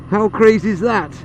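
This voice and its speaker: A man's voice: high-pitched, pitched above the performer's own voice. A man hamming up a jolly posh English toff. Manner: plummy, exaggerated, chuckling. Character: jolly posh upper-class English gentleman. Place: riding a motorcycle outdoors on roads. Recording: loud wind and engine noise.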